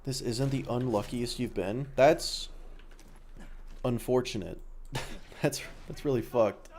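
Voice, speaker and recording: A man's voice: mid-range voice, takes it slowly, darkish tone, a little hiss or hum. Young Aussie streamer, easygoing and jokey, cursing casually while he plays. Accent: Australian. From Australia. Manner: laid-back, joking, swears freely, chats with viewers. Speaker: game streamer. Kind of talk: casual chat while gaming.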